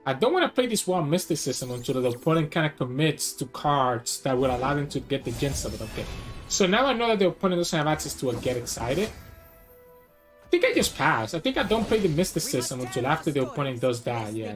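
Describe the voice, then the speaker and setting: A man's voice: on the high side, sing-song, brisk, soft background music. A man giving live gameplay commentary on a card game, thinking aloud and weighing each play as he goes.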